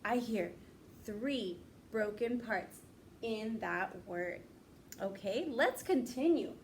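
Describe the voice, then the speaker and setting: A woman teaching young children, slowly stretching out words and encouraging them to repeat. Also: on the high side, animated, a little hiss or hum. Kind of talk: classroom lesson for young children.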